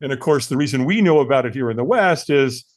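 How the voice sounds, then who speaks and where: Older American man, sixties, mid-pitched, earnest storyteller who restarts his sentences, interview guest. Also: fast. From United States. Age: 60s. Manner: earnest, animated retelling with filler-heavy restarts. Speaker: podcast guest.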